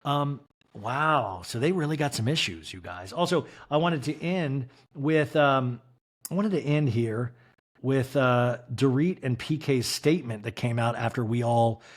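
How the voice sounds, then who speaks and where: A man hosting a comedic TV recap podcast, talking in an animated, sarcastic, riffing way. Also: mid-range voice, measured pace. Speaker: podcast host.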